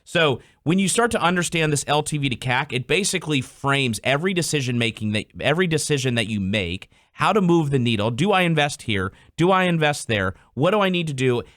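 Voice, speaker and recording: A man's voice: on the high side, no echo, studio quality. A man hosting a casual business podcast, acting out customer conversations as he explains. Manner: animated, acts out customer dialogues in quick voices. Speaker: podcast host.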